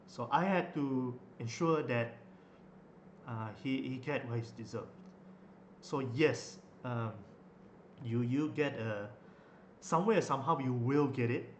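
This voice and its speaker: Young man, mid-pitched, chatty and rambling, roomy recording. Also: takes it slowly, pauses often, dull audio. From Malaysia. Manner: rambling, with many fillers and restarts. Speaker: vlogger. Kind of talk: casual storytelling. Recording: echoey room, faint noise.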